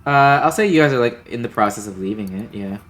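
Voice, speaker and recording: A man's voice: medium pitch, lively intonation, quick pace, fairly bright tone. A man narrating a tabletop game as game master, casual and full of fillers. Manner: casual, filler-heavy, easygoing.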